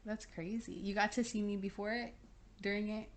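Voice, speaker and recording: A woman's voice: mid-range voice, little pitch movement, normal speed. A young woman co-hosting a podcast in casual chat, chatty and giggly, with lots of fillers. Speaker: podcast co-host.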